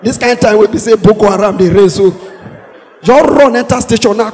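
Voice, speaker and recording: A man with a Nigerian Pidgin English accent telling a stand-up comedy story, animated, acting out the voices of the police with shouts and laughter. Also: high voice, fairly quick, a loud crowd, very noisy. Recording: echoey hall with long reverb.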